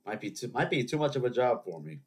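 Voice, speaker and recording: A man's voice: mid-range voice, sing-song, fast. A man hosting a solo podcast, sniffly from a cold, chatting in a rambling, digressive way with joking asides to his listeners. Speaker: podcast host.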